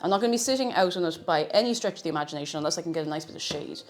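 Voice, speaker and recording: A young woman streaming from home, chatting brightly with her viewers and greeting them by name. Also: sits low, expressive, rapid-fire, soft background music. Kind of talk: casual live-stream chat.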